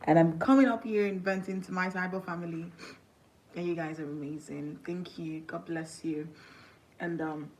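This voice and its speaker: A young woman talking to her viewers on a phone livestream, crying as she speaks, halting and grateful. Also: on the low side, fairly even intonation, darkish tone, poor audio.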